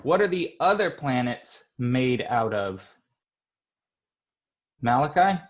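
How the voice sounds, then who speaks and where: A male elementary school teacher leads a class of young children, upbeat and encouraging as he slowly sounds out syllables. His medium-pitched voice swings widely in pitch.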